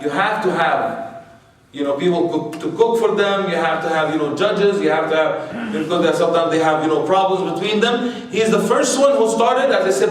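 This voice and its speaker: High-voiced man lecturing in a very echoey hall. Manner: chatty and digressive, with many "you know" and rhetorical questions. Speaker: Islamic lecturer. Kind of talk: religious history lecture to an audience. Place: large room with a live audience. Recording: very echoey hall, mic far off.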